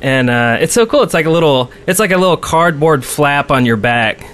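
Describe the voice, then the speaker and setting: A man co-hosting a casual gaming podcast, chatty and quick to laugh, humming to himself as he reads through a list. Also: on the high side, animated, a bit bright. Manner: chatty, laughs often, hums while reading a list. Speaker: podcast co-host. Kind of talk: casual chat.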